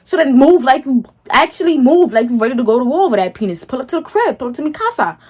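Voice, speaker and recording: This young vlogger's voice sits high, with a darkish, breathy edge, and she is very animated and quick. She tells her viewers a personal story in a sassy, dismissive, slang-heavy way, speaking right to them and often asking "feel me?".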